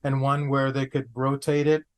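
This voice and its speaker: A man, an actor guest on a podcast, telling anecdotes in an animated way, repeating phrases for comic effect. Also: medium pitch, moderate pace, clean tone. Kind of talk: anecdotal storytelling.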